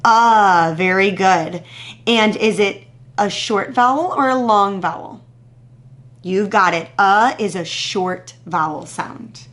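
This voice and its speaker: Slow patient lady teacher doing phonics drills with kids, stretches every sound out. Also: mid-range voice, a bit bright. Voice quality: crisp, exaggerated sounding-out of speech sounds. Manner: patient, drawn-out, encouraging praise after pauses. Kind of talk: slow, deliberate phonics lesson to young children.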